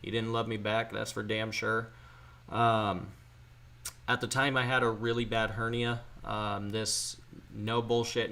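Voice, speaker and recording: A man's voice: mid-range voice, gravelly, pushed and bright. A man hosting a casual livestream chat, telling candid stories and swearing freely as he answers viewers. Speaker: livestream host.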